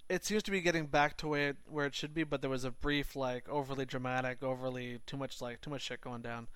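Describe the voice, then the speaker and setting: A man's voice: medium pitch, fairly even intonation, a little fast, fairly bright tone, clean tone, no echo. A man co-hosting a podcast in casual chat, laid-back, giving short replies and stammering as he starts. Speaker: podcast co-host.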